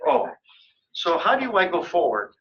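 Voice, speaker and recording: A man's voice: high-pitched, huge pitch swings, moderate pace, a bit bright, lo-fi sound, a little hiss or hum. An older man giving a colloquium lecture in a lecture room, telling joking anecdotes in a chatty way.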